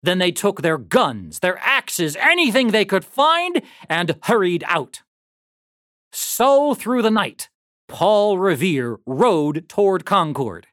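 A narrator reading a historical story aloud in a dramatic, animated read-aloud manner. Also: medium pitch, takes it slowly, no room sound, clean studio sound.

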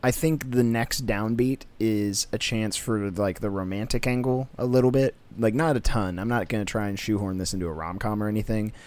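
A man in casual chat, thinking aloud in a laid-back way as he pitches story ideas. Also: fairly even intonation, brisk, hardly any pauses, darkish tone.

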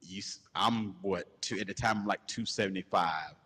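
A man hosting a podcast, telling a crude comedic story in a loose, animated way and laughing as he goes. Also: low voice, moderate pace. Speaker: podcast host. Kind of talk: casual comedic storytelling rant. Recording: long hall reverb.

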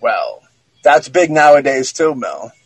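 Host: a husky guy who rambles through casual film chat, dry close sound. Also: mid-range voice, big pitch swings, measured pace, dry recording, poor audio. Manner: loose, rambling, restarts often. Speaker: podcast host.

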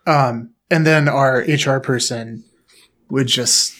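A man's voice: medium pitch, fairly even intonation, slow pace, fairly bright tone. Rambling casual podcast man. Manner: rambling, filler-heavy storytelling. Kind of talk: casual chat.

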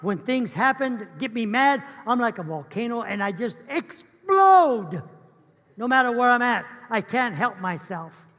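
A man's voice: very high-pitched, sing-song, unhurried, sharp tone, heavily acted. A man voicing a hot-tempered man who defensively excuses his outbursts. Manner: defensive, self-justifying. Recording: echoey hall.

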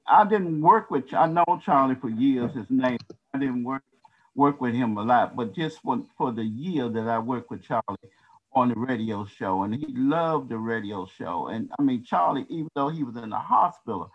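Earnest man on a dull call line. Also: medium pitch. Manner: earnest, halting. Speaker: radio show cohost. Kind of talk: remembrance on a call. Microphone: video call.

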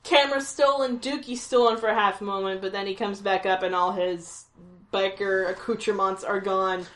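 A woman in a casual cartoon review chat, eagerly recapping the plot with excitable energy. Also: medium pitch, moderate pace. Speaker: podcast co-host.

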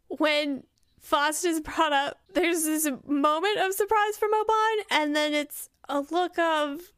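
A woman narrating as game master of a tabletop game, lively and descriptive. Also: sits high, takes it slowly, no echo, clean studio sound.

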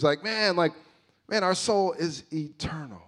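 Animated man preaching a sermon. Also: sits high, fast. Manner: animated, conversational, joking asides. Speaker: pastor.

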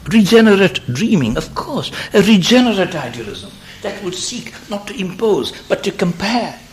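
Older man, slightly high voice, giving a meandering spiritual talk with stumbles and whispers, recorded in a reverberant hall. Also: very animated, slight background noise. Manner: halting, repeats words, drops to near whispers. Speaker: speaker. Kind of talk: reflective spiritual lecture. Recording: roomy hall sound.

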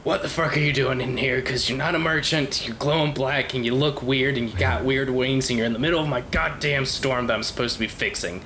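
A man voicing a gruff, hot-tempered dwarf druid who is blunt, impatient and swears a lot. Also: medium pitch, a little fast, hardly any pauses, a bit bright, slight background noise, voice pushed up, lightly acted. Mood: threatening.

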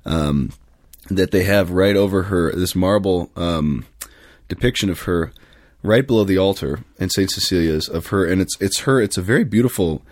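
A man's voice: low-pitched, normal speed, no room sound, studio quality. A man who is a priest, chatting casually on a podcast and telling rambling stories with plenty of fillers and self-corrections.

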